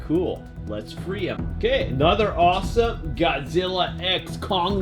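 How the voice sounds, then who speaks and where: Brief: jokey male toy reviewer, slow unhurried delivery, background music. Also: high-pitched, expressive. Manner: playful, laughing, jokey. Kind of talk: toy unboxing vlog.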